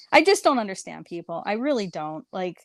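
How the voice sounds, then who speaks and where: Woman, podcast co-host, animated storyteller, frequent laughter, dry sound. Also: medium pitch, a little slow, no echo. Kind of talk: casual chat.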